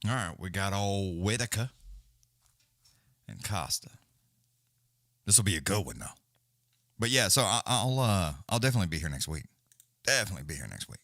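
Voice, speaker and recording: Male streamer, casual and profane, very lively delivery, dry close sound. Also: low voice, normal speed, long pauses, no room sound. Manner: rambling, profane, animated. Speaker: livestream host. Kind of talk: casual live-stream chat.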